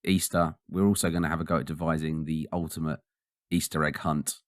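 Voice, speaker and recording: A man with a husky, very low voice, his throat still rough from the flu. He co-hosts a podcast with a laid-back, joking ease, recorded close and dry with no room sound. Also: level tone, fairly quick, no echo. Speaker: podcast co-host. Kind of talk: casual chat.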